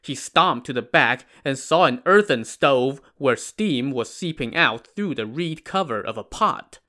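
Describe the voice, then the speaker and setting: A man's voice: mid-range voice, animated, measured pace, pushed and bright. Man narrating a classic tale evenly. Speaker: storyteller. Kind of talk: narrating a classic novel retelling.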